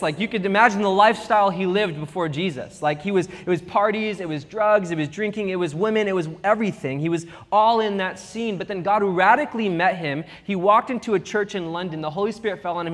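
A young man preaching a sermon as pastor, with animated, humorous storytelling. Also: high-pitched. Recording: long reverb of a big hall.

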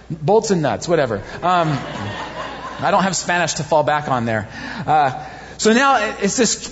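A man in his thirties preaching a sermon as pastor, animated and self-deprecating, building points through repetition. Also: high-pitched, breathy edge. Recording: dull, long hall reverb.

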